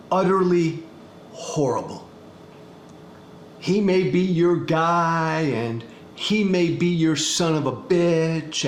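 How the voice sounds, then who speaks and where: Guy ranting on his political podcast, slow and punchy, repeats himself for emphasis, swears, roomy echo. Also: on the high side. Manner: emphatic, hammering repetition, blunt profanity. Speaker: podcast host. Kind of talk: political commentary monologue. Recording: echoey room with faint background noise.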